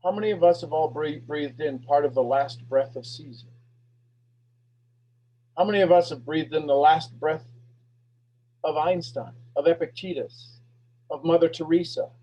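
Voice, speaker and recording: A man hosting a live motivational talk, energetic and preachy, repeating questions and swinging between loud bursts and hushed lines. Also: on the high side, normal speed, long pauses, dull audio, slight background noise. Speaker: host of a motivational talk show.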